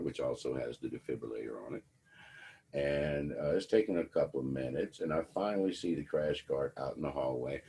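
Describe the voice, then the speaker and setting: A man's voice: very deep voice, warm tone, slightly rough. A man giving a lecture to students, telling a personal story in a wry, conversational way. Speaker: instructor.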